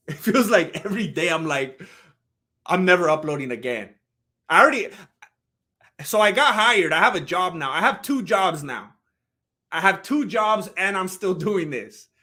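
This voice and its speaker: Male streamer, slightly high, bright tone, talks straight to chat. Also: expressive, moderate pace. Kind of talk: casual live-stream chat.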